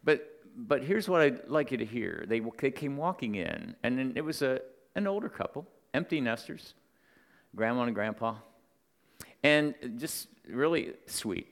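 A pastor with a mid-range, creaky voice delivers a Sunday morning sermon in a church sanctuary, very animated but a little slow. He speaks conversationally, telling stories and checking in with the congregation, and the church hall's long reverb trails each word.

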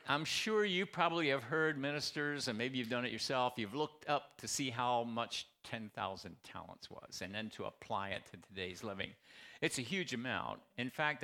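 A man's voice: medium pitch, gravelly, pushed and bright. A man preaching a sermon as pastor, talking to his congregation with rhetorical questions and emphatic repetition.

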